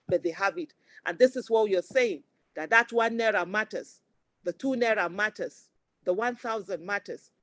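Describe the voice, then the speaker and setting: A woman's voice: mid-range voice, no room sound. A Nigerian woman in her forties with a Nigerian accent, giving an impassioned speech at a fundraiser in fervent, repetitive bursts. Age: 40s. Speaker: speaker at a campaign fundraiser.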